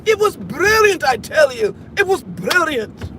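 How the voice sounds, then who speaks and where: A man's voice: very high voice, big pitch swings, a little slow, pushed and bright, a little hiss or hum, pitched above the performer's own voice, full character voice. A man voicing a pompous, wealthy descendant of colonizers who speaks grandly and gloats about his brutal ancestors. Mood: gleeful.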